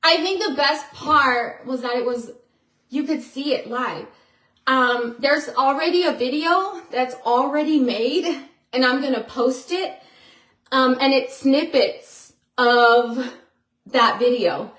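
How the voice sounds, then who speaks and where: A woman with a high voice chats to her viewers in a relaxed, unhurried way. She is excitable and loose, peppering her talk with fillers. Her voice rings in an echoey room. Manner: chatty, with frequent fillers like "you know" and "like"; excitable storyteller who acts out quotes. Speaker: vlogger. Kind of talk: casual vlog monologue.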